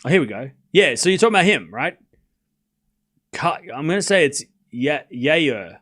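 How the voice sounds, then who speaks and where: A man's voice: fairly high pitch, moderate pace. A man hosting a live tennis watchalong stream, calling scores and joking with chat. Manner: animated, joking, reads scores aloud while chatting with viewers. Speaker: livestream tennis watchalong host. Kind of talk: casual live commentary chat.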